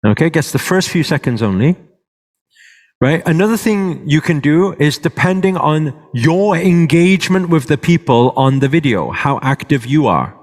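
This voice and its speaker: A man's voice: fairly high pitch, lively intonation, normal speed. Man teaching a workshop in a big hall. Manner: checks in often with the audience; moves around while speaking. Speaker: workshop presenter. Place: large hall with a live audience. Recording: reverberant hall.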